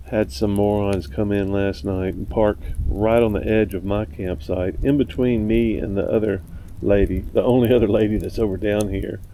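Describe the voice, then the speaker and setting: A man's voice: lowish voice, dark tone, low-quality recording. A man vlogging casually at a mountain campsite, rambling and blunt, grumbling about other campers. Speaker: motorcycle vlogger. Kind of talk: casual vlog monologue. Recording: faint outdoor background noise.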